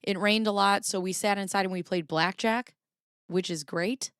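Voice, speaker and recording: A woman's voice: medium pitch, steady tone, normal speed, fairly bright tone, clean tone, dry recording, clean studio sound. A woman hosting a casual livestream, chatting in a rambling way, greeting her viewers and swearing now and then. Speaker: livestream host.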